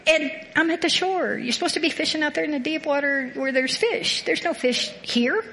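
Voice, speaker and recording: A woman voicing an exasperated male fisherman who argues back, loud and incredulous. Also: high-pitched, moderate pace, pitched above the performer's own voice.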